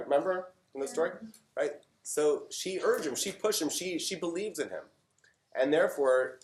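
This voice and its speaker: A middle-aged man from Canada, a rabbi giving an informal Torah talk, chatting with many fillers and joking asides. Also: medium pitch. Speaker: rabbi teaching a class. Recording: roomy echo.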